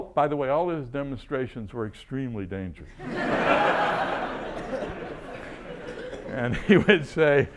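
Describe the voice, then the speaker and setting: An older man lectures in an easy anecdotal way. He tells stories from his teaching days with plain delight and chuckles often. His voice sits in an ordinary middle register. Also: medium pitch. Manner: enthusiastic storyteller, chuckling often. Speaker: chemistry professor giving a seminar.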